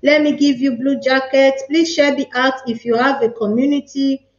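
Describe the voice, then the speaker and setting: A woman's voice: sits high, steady tone, moderate pace. A woman with a Nigerian accent hosting a casual live stream, playfully chatting and reading out viewers' comments. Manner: playful, chatty, mixes pidgin with English. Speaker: livestream host. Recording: echoey room, slightly dull sound.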